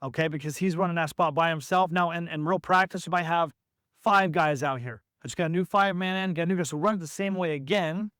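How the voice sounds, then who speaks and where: A man coaching a basketball practice, giving instructions and calling out drills to players, sometimes acting out what they should shout. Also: fairly high pitch, fast, dry recording, clean studio sound.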